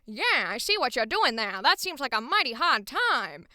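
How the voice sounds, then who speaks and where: A woman's voice: sits high, very animated, normal speed, bright, forceful tone, no room sound, studio quality, full character voice. A woman putting on a brash, over-the-top, 1920s radio-style Brooklyn character from a detective noir. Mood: wry.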